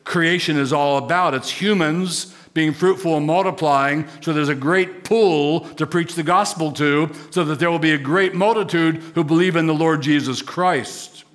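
A man's voice: a little high, normal speed, few pauses. Emphatic preacher man. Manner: emphatic preaching with rising, swelling repetition. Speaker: pastor. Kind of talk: sermon.

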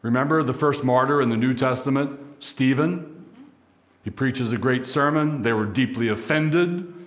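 A man preaching a sermon as pastor, emphatic, stacking repeated phrases and slowing for key lines. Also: medium pitch.

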